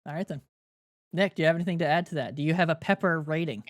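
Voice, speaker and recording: Dry-sounding laughing podcast host. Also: male voice, on the high side, fast talker, no room sound. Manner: laughs often, loose and joking. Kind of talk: casual sports chat.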